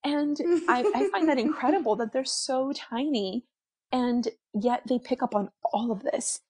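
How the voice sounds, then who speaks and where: A fairly high-voiced woman with a husky, slightly breathy edge talks casually about raising her child. She is animated and laughs often, slipping into little acted-out quotes of herself. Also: normal speed. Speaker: mother. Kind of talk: casual chat about parenting.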